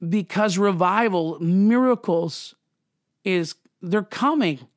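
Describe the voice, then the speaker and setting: Man, fairly high voice, dry close sound, fervent, emotional podcast devotional. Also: slow pace, dry recording. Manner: fervent and emotional, restarts and apologizes. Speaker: podcast host.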